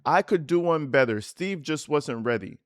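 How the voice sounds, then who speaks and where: Dude mocking a smug bossy mom, dismissive and cocky. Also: male voice, fairly high pitch, animated, moderate pace, no echo, clean studio sound, close to an everyday voice. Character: smug bossy mother boasting she can do better.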